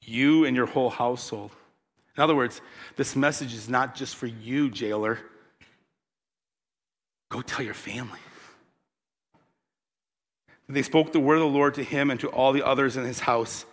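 A man preaching a sermon, telling the story with animated energy that builds to loud peaks. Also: medium pitch, normal speed, pauses often. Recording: long hall reverb.

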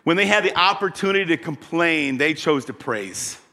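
Male preacher, bright, slightly high voice, lively storytelling sermon, long hall echo. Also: moderate pace. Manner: animated storytelling, building to loud peaks.

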